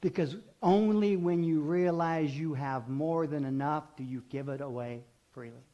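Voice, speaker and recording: A male pastor preaches in rhythmic, repeated phrases, leading the congregation in call and response as he shifts from loud, emphatic calls to hushed, intimate lines. His voice is on the high side at a moderate pace, and the recording's highs are cut off.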